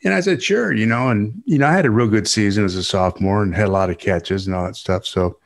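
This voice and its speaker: A man telling a story in casual podcast chat, easygoing and unhurried, chuckling between lines. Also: fairly low pitch, creaky. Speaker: podcast co-host, former tight end.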